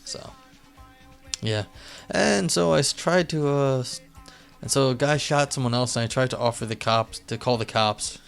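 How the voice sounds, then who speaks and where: A man's voice: mid-range voice, moderate pace, creaky. A man streaming live, chatting casually and rambling with lots of fillers and restarts. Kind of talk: casual live-stream chat and reading aloud. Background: faint music.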